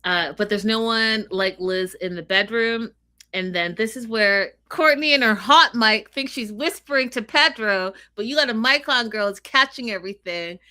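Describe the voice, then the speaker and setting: Bright-voiced woman recapping reality TV gossip. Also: a little high, moderate pace, clear, resonant tone. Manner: animated retelling of gossip with quoted voices. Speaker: podcast co-host.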